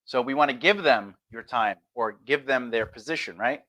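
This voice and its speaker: A man's voice: medium pitch, normal speed, pushed and bright. A man streaming a casual lesson on conversation skills, talking loosely and acting out example replies.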